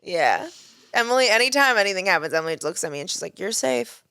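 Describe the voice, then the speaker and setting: Woman podcast cohost, crude and laughing, bright tense voice. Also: fairly low pitch, animated, fast talker, smooth. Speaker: podcast co-host. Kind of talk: casual chat.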